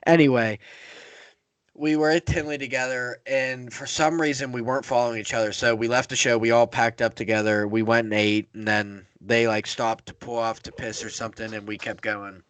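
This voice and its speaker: A man's voice: mid-range voice, flat delivery, moderate pace, a bit bright, smooth, no echo. A young man from the Pittsburgh area hosting a casual podcast, telling a rambling, profane road-trip story. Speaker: podcast host.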